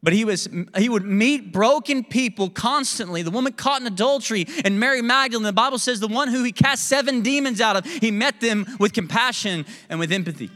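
A man's voice: very high voice, brisk, few pauses, sharp tone, big-room sound. A man preaching a sermon as pastor, candid and self-deprecating in a conversational way. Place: church sanctuary.

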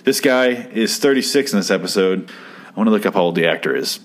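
Lower-voiced man, sarcastic rambling podcast host, swears a lot, does the characters' lines himself. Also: expressive, quick pace. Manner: sarcastic, rambling, swears freely, acts out quotes. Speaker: podcast host reviewing an old TV episode. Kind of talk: casual profane commentary.

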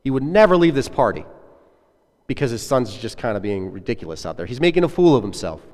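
A man's voice: mid-range voice, very animated, fast, darkish tone. A man preaching a sermon as a pastor, earnest and conversational, putting questions to his listeners. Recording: echoey hall with long reverb.

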